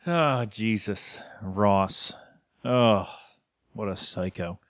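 A man co-hosting a podcast, casually recapping a cartoon episode with jokes and quick quoted voices. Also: fairly low pitch, no room sound, studio quality. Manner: joking, retells scenes with quick put-on quotes. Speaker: podcast co-host.

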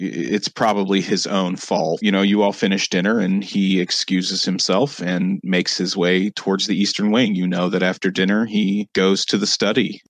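Dude running a tabletop game, lowish voice, dry sound, lots of "you know what i mean". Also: male voice, a bit bright, dry recording. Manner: rambling, many fillers. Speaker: game master.

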